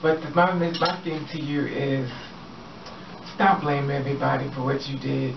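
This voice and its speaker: A man's voice: medium pitch, normal speed, gravelly, background noise. Sassy man ranting in a roomy room. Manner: sassy, animated, addresses the subject directly. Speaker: vlogger. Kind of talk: casual opinion rant to camera. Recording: roomy, muffled, slightly distant mic.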